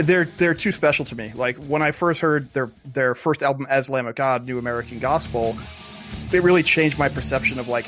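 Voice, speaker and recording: A man from Philadelphia, a podcast guest who talks earnestly and with enthusiasm, stumbling over his restarts. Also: medium pitch. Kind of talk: casual chat.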